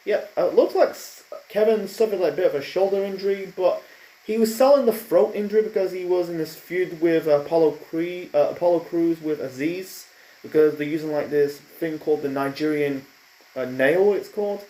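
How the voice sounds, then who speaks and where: A wrestling show reviewer gives a casual spoken review, rambling and opinionated with lots of fillers and restarts. His voice is on the high side with a dark tone and a moderate pace, recorded in an echoey room.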